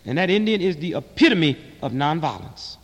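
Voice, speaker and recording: A man delivering a fiery speech to a live audience, impassioned, rhythmic and sarcastic, swinging from loud to hushed. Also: on the high side, sing-song, normal speed. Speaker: political activist speaker. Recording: long reverb in a large hall.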